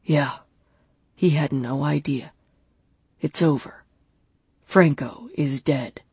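A woman voicing a protective, tough man speaking calmly to his partner in an audiobook. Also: deep voice, slow pace, slightly rough, no echo, pitched below the performer's own voice, full character voice.

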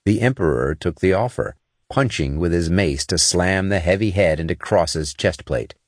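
A man narrating an action scene for an audiobook in a steady, dramatic reading. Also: low-pitched, normal speed, dry recording, clean studio sound.

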